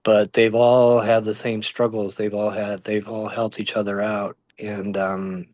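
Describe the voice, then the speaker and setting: A man, a sports journalist, answering interview questions in a measured way, often pausing on ums and you-knows. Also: fairly low pitch, level tone, a little mellow, no room sound. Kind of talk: casual interview talk.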